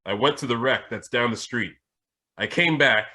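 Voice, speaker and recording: A man's voice: mid-range voice, moderate pace. A man from Jamaica, a spiritual teacher hosting a podcast, tells a personal story in casual chat, restarting his sentences often. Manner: animated anecdote telling with frequent restarts.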